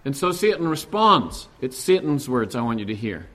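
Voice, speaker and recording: A man preaching a sermon, emphatic and animated, acting out the quoted lines and often restarting his words. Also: moderate pace. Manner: animated, acts out quoted voices with rising pitch.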